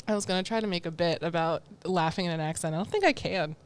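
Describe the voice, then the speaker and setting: A woman's voice: fairly low pitch, a little fast, clear, resonant tone. A young American woman co-hosting a podcast, chatting casually and laughing often. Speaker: podcast co-host. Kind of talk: casual chat.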